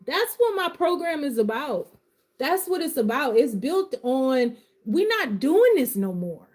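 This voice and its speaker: A woman giving a live-stream reading and pep talk, swinging between soft comforting reassurance and fired-up passionate outbursts, in casual Southern vernacular. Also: high voice, sing-song, unhurried. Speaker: live tarot reader.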